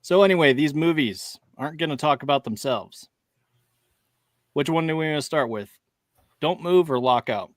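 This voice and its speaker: A man's voice: on the high side, moderate pace, long pauses, no echo, clean studio sound. A man co-hosting a podcast in casual chat, rambling along, laughing often and acting out lines he quotes. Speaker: podcast co-host.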